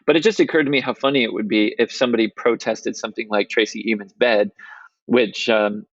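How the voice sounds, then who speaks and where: A man's voice: on the low side, steady tone, brisk, dry recording, highs cut off. A man co-hosting a podcast in casual chat, musing and telling stories with plenty of fillers. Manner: chatty, storytelling, hedging with fillers. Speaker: podcast co-host.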